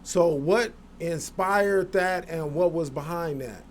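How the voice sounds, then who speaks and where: A man hosting a casual interview, asking questions in a relaxed, loose way with plenty of fillers. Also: a little high, takes it slowly, slight background noise. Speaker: interviewer host.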